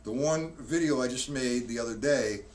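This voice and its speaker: A man's voice: medium pitch, moderate pace. A man teaching drums in a live-streamed lesson, explaining each step plainly and often restarting his sentences. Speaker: drum teacher. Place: room with a drum kit. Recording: distant mic with loud drumming. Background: loud drumming.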